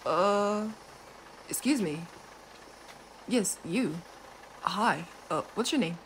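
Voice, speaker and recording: A woman voicing Killua, a cool, easygoing and teasing teenage boy, in a fan role-play, speaking softly and calmly. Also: mid-range voice, drawn-out words, a little hiss or hum. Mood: gentle.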